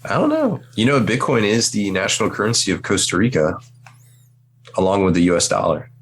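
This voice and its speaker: A man with a deep voice hosting a podcast, joking and teasing his co-hosts in casual banter. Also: brisk, a little hiss or hum. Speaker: podcast host.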